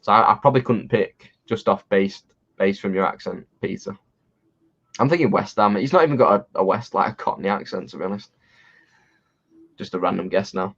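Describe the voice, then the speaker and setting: A man's voice: lowish voice, fairly quick, breathy edge. A man co-hosting a casual livestream while watching football, chatty and laughing often, with rambling restarts. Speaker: livestream co-host. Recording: dull lo-fi stream audio.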